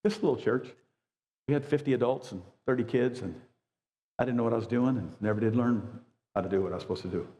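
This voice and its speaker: A man in his sixties preaching a sermon as a pastor, high-energy and emphatic with folksy asides. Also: fast, warm tone. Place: church sanctuary. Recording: long church reverb.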